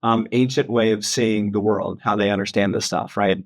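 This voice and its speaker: A man leading a casual Bible study, chatty and quick to laugh, filling his talk with "um" and "like". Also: on the low side, steady tone. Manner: chatty, laughs often, many fillers like "um" and "like".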